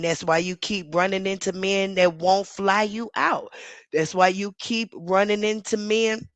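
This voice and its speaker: A woman hosts a casual live commentary stream, reading chat messages aloud and firing back at them with sass and frequent laughter. Her voice is medium-pitched, with no room sound.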